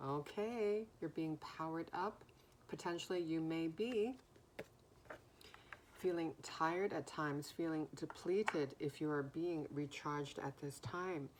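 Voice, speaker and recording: Low-voiced woman doing a slow card reading. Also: a little hiss or hum. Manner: slow, musing, pauses to listen and repeat words. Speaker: oracle card reader.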